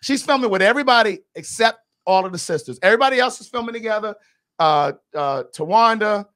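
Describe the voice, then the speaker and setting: A woman hosting a podcast, giving blunt, profane pop-culture commentary in a casual, emphatic way. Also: medium pitch. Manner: blunt, outspoken, profane gossip; animated and emphatic. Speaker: podcast host.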